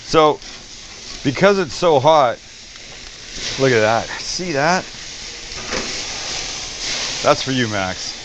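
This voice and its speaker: Male cooking host, mid pitch, jokey, swears, casual demo. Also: expressive, takes it slowly, long pauses, background noise. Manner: upbeat, joking, swears freely.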